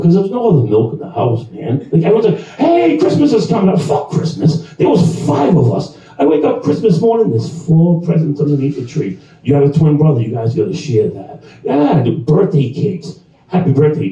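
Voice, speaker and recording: Crude, rambling male stand-up comic. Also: a little high. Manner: crude, rambling storytelling with shouted punchlines. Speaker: stand-up comedian. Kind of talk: stand-up comedy set. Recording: dull, roomy recording from far off.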